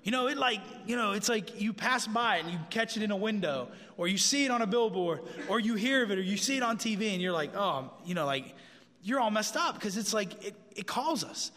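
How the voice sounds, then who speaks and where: A man giving a casual, animated sermon as a pastor, often repeating himself as he goes. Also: high voice, brisk, long reverb tail.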